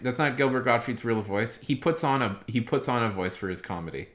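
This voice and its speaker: A man's voice: medium pitch, brisk, a bit bright. A young man chatting casually on a live stream, rambling with frequent restarts and chuckles.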